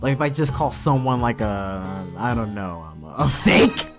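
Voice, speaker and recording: Man ranting with lively, swooping pitch. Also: gravelly. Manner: profane, mocking, animated ranting. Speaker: YouTuber. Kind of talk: comedic rant vlog.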